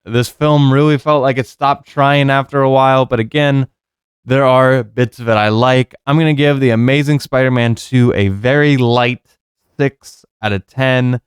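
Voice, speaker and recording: A man's voice: medium pitch, fairly even intonation, moderate pace, clean tone, dry recording, clean studio sound. Frank, swearing young male movie reviewer. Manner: frank and exasperated, swears freely. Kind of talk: casual spoken review.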